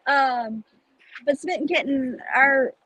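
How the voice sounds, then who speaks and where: A woman's voice: high-pitched, slow pace, sharp tone, rough recording. A woman with a Southern US accent chatting casually in a vlog, rambling with country phrasing, talking from a car. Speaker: vlogger. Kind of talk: casual chat.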